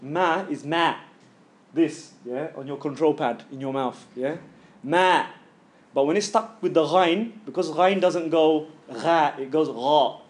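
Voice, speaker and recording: A man teaching Quran recitation in a casual classroom style, voicing sounds aloud to show them and checking in with "yeah?" as he goes. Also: fairly high pitch. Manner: chatty, keeps checking in with "yeah?". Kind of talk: informal classroom lesson.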